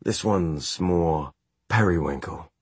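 A man voicing an earnest young male shadow hunter who speaks quietly and insistently, in an audiobook reading. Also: low voice, takes it slowly, breathy edge, no echo, heavily acted. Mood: doubtful.

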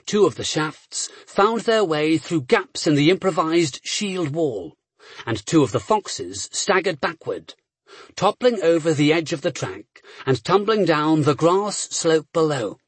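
A man's voice: fairly high pitch, very animated, a little slow, husky, no room sound. A man reading a story aloud as an audiobook narrator with a dramatic, varied delivery.

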